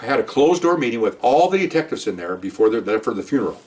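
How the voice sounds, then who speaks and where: A man's voice: mid-range voice, fast talker, recorded from a distance. A man, a retired police commander, casually telling a story from his career, rambling and conversational. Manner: rambling, conversational, quotes others with animated voice.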